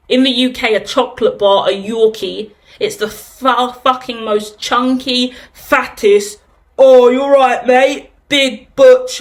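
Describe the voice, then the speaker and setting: A woman's voice: on the high side, fairly bright tone. Rambling woman reading tarot. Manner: rambling, casual swearing, laughs at own tangents. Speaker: tarot reader.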